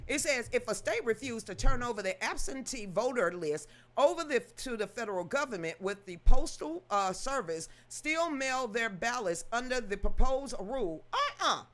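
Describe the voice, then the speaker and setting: A woman's voice: on the high side, animated, moderate pace, few pauses, fairly bright tone. A woman reading news aloud, then ranting about it in an emphatic, sassy, scolding way. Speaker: political commentary host.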